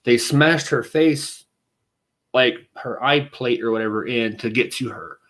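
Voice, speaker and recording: A man co-hosting a laid-back podcast, his voice sitting at an ordinary middle pitch. He rambles and cuts himself off mid-thought, jumping into little acted-out voices as he retells scenes. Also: unhurried. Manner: animated storytelling, acts out scenes with voices; rambling, self-interrupting. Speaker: podcast co-host. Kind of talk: casual chat.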